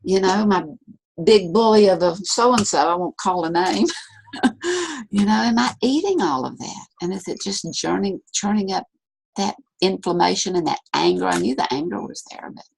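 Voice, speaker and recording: Casting: earnest woman, reflective storyteller, gravelly husky voice, mid pitch. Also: animated, normal speed, slight background noise. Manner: earnest, searching, soft-spoken, repeats herself. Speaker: discussion leader.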